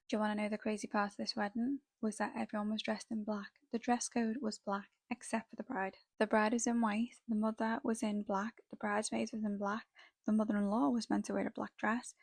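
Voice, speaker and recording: Young woman, makeup vlogger, casual storytime, level even tone, dry close sound. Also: mid-range voice, fairly quick, gravelly, no echo. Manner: chatty, filler-heavy storytelling with frequent "like".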